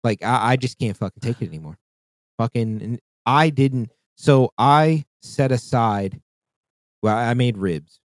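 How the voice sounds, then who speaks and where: A man's voice: mid-range voice, expressive, measured pace, no echo, clean studio sound. A man co-hosting a casual podcast chat, talking in a profane, rambling way with frequent restarts. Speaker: podcast co-host.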